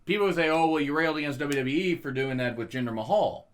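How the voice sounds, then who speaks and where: A podcast co-host with a slightly high voice talks at a quick pace in a loose chat about wrestling. He swears freely and laughs at his own jokes.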